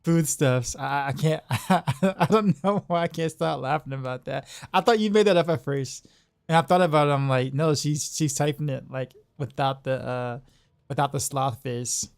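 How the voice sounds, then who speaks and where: A man's voice: fairly high pitch, moderate pace, gravelly, clean tone. Laughing man streamer. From Southeastern United States. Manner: chatty, laughs often, repeats words. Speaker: game streamer. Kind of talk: casual chat while gaming.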